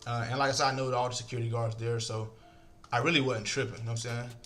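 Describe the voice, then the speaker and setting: A man with a medium-pitched voice tells his viewers a story at a fast clip. He's animated, acting out the lines of the people involved and swearing freely.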